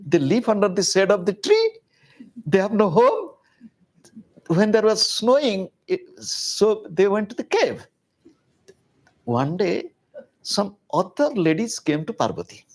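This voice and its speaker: A man giving a public spiritual talk, telling a story in an animated, conversational way with casual asides. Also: high-pitched, measured pace, long pauses. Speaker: spiritual teacher.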